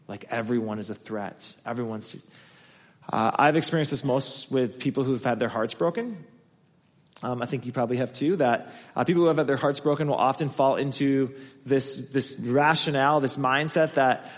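A man's voice: mid-range voice, steady tone, normal speed. A man preaching a conversational sermon as pastor, acting out the voices he quotes. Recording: long hall reverb.

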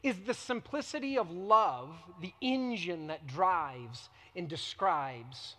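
A man preaching a sermon as a pastor, emphatic, with dramatic pauses and repetition. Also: high-pitched, animated, a bit bright, long reverb tail. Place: church sanctuary.

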